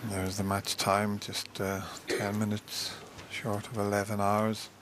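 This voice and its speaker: A man giving live snooker commentary in a measured, level delivery. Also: on the low side, monotone, noisy background.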